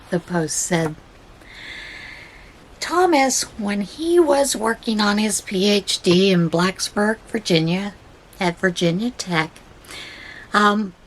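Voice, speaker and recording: The host of a crafting podcast, a woman with a fairly low, slightly bright voice, chats casually through a rambling story packed with fillers. She also reads devotional passages aloud, and the audio quality is poor.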